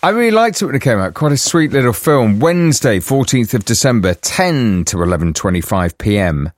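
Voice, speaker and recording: Animated man co-hosting. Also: medium pitch, no echo, clean studio sound. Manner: animated, drawn-out announcements. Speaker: podcast co-host. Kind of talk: casual podcast chat.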